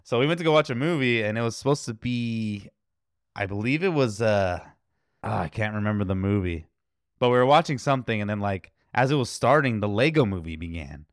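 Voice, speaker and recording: Smooth-voiced man chatting eagerly. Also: on the low side, no echo, studio quality. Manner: laughs often, eager storyteller. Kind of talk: casual chat.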